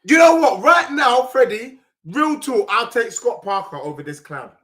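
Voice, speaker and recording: A young man, hoarse from shouting as he rants through a football reaction as the channel's host. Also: very high-pitched, sing-song, normal speed. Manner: ranting, often shouting.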